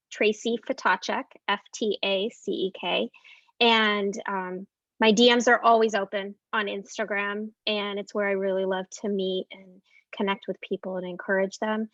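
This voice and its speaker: A woman's voice: medium pitch, fairly bright tone, dry recording, dull audio. A woman guest talking about her business in an upbeat interview, with frequent filler ums. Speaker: guest entrepreneur. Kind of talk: casual interview talk.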